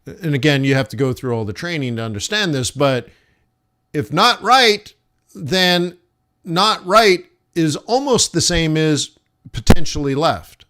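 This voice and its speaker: A man's voice: on the high side, animated, pushed and bright. A man live-streaming forex trades, thinking aloud over his charts and talking to viewers as "guys". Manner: slow, musing, talks to chat as "guys". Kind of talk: live trading stream commentary.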